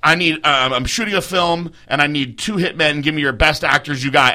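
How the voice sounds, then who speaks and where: Man, animated storyteller, bright edgy tone, casual profane chat, does quick voices of others. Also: a little high. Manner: animated storyteller, swears freely, mimics others. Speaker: podcast co-host.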